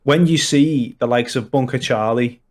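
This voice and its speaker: A man's voice: medium pitch, normal speed. A man from Liverpool with a Liverpool accent, a guest chatting at length on a podcast, with many restarts and fillers. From Liverpool, England. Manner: long-winded, full of restarts and fillers. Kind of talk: casual podcast chat.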